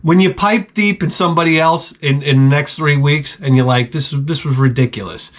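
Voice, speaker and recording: A man's voice: fairly high pitch, moderate pace. A man giving blunt, crude relationship advice in a rambling comic monologue, often acting out what people say. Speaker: advice vlogger.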